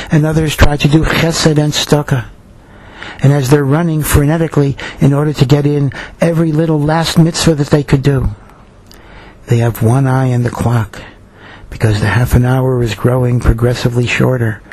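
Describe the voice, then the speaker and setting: A man giving a Torah talk as a storytelling sermon, earnest and slowing down to stress his points. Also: mid-range voice, gravelly, darkish tone, husky, low-quality recording.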